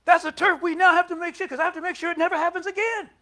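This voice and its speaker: Older guy preaching, really high voice, chatty, keeps asking the room questions. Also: fairly even intonation, very fast. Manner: conversational, questions the congregation, shifts between loud and soft. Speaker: minister. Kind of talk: sermon.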